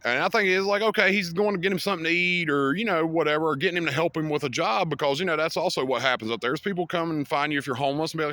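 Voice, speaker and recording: A man's voice: a little high, animated, very fast, hardly any pauses, sharp tone, dry recording. A man vlogging, recounting a fight in a rambling, casual way with heavy swearing and many fillers. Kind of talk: casual storytelling to camera.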